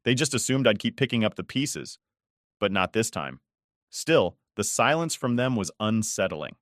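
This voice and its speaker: A man narrating a first-person online story in a measured, steady reading. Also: mid-range voice, dry recording, clean studio sound.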